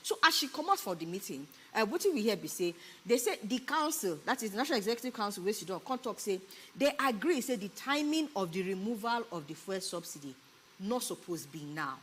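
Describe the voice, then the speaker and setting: A woman's voice: medium pitch, animated, fairly quick, fairly bright tone, a little hiss or hum. A woman with a Nigerian accent co-hosting a talk show, explaining the news in a chatty way and checking in with her co-host with tag questions. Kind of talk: casual Pidgin news discussion. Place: broadcast studio.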